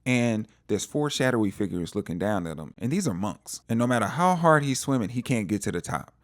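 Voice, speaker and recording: A man recapping a TV episode in a casual, animated storytelling way, acting out the characters' lines. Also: fairly low pitch, a little fast, no room sound, studio quality. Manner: animated storytelling, acts out quotes. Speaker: TV recap vlogger.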